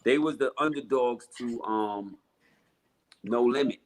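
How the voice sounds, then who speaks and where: A man's voice: medium pitch, slow pace, poor audio. A middle-aged man, a rapper guest telling stories in a casual interview, emphatic and profane with street slang.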